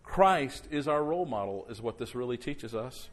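A man preaching a sermon as pastor before a congregation, slowing right down and dropping to a near hush for emphasis, then rising loud. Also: mid-range voice, expressive. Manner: slows down and drops soft for emphasis, then rises loud. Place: church service before a congregation.

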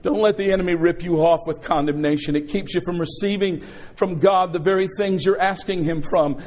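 A middle-aged man preaches from the pulpit with a high-pitched voice. He tells a personal story, then turns it into a lesson. He keeps calling out to the congregation for responses. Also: a little fast, darkish tone. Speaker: pastor. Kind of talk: sermon.

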